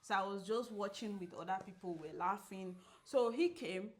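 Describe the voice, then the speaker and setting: A woman co-hosting a podcast who tells a story in casual chat, acting out the quoted lines and laughing often. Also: normal speed. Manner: animated, acts out quoted dialogue with big pitch jumps; laughs often while telling. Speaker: podcast co-host.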